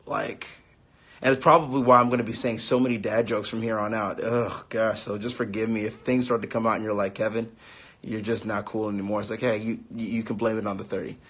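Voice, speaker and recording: A man's voice: on the low side, flat delivery, fast, fairly bright tone. A man in his late twenties chatting casually on a live stream, answering fan questions, upbeat and full of fillers. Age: 20s. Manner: chatty and upbeat, many fillers, laughs easily.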